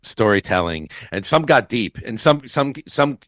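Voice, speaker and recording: A man's voice: medium pitch, animated, moderate pace, a bit bright, no echo, clean studio sound. A man hosting a podcast, rambling in a laid-back, profane chat.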